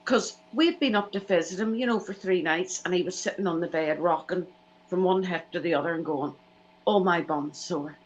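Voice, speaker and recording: A woman chats casually and tells family stories. Her voice sits a little low. She slips into the voices of the people she quotes as she goes. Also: fairly quick, lo-fi sound. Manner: animated anecdote teller, acts out quoted voices. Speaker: live chat host. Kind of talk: casual storytelling chat.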